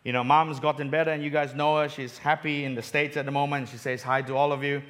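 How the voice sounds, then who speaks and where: A middle-aged man from Malaysia delivers a sermon built on a personal story. His voice sits a little high for a man. He drops soft and low on the tender moments. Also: level tone, fast. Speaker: preacher.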